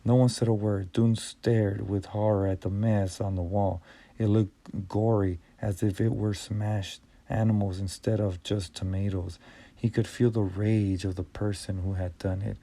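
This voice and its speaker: A man narrating an audiobook in a measured reading style with small stumbles and restarts. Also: on the low side, level tone, creaky, warm tone, dry recording.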